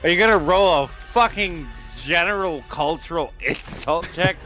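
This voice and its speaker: A man's voice: on the high side, moderate pace, over loud music. A man running a tabletop game as game master, teasing his players, laughing and swearing freely in casual banter.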